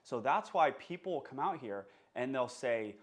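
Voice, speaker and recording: A man's voice: medium pitch, expressive, normal speed. Emphatic man explaining dog behavior. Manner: emphatic, checks in with listeners. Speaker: dog trainer. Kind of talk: casual instructional monologue.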